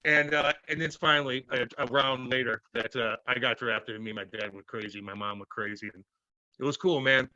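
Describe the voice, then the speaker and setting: A man in his thirties, a former hockey player, telling stories loudly and profanely in a casual interview. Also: medium pitch, fairly quick, dry recording, muffled recording. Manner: loud, profane, animated storytelling.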